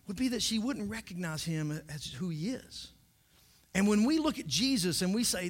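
Man, pastor, high voice, jokey sermon, repeats words when starting sentences. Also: animated, fairly quick. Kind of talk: humorous sermon.

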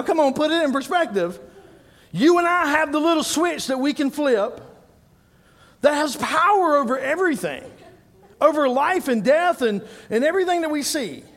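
A middle-aged man preaching a sermon as pastor, telling animated stories and rising to loud emphasis. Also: extremely high pitch, normal speed, long reverb tail.

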